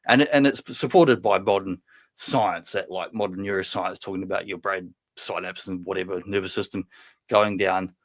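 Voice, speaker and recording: A man from New Zealand hosting a casual livestream, talking in a fairly low voice. He rambles from one thought to the next, chatty and loose, swearing freely and laughing often. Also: fairly even intonation, moderate pace. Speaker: livestream host.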